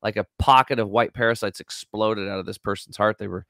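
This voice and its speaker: A man in his late forties tells a story in an interview with plenty of energy, acting out the lines of the people in it. His voice sits low and sounds smooth and resonant. The recording is dry and close. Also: brisk, no room sound. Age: 40s. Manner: energetic, acts out quotes. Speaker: guest.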